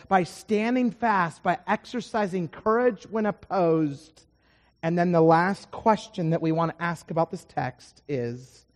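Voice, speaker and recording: A man preaching a sermon, telling a story with lively swings between loud emphasis and quiet asides. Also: sits high, in a large hall.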